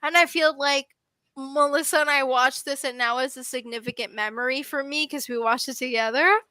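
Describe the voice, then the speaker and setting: A woman's voice: high voice, fairly even intonation, moderate pace, bright, forceful tone. A young woman hosting a livestream, chatting casually, laughing a lot and swearing freely. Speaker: livestream host. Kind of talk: casual chat.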